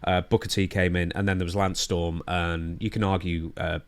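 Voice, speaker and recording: A man chatting casually on a podcast into a studio microphone, animated and excitable, with sudden loud outbursts. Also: deep voice, normal speed. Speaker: podcast co-host.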